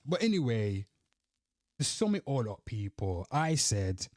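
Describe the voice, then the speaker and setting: A man's voice: low-pitched, lively intonation, normal speed, darkish tone, dry recording, clean studio sound. A man giving blunt, profane reaction commentary as a host, reading his own comments aloud.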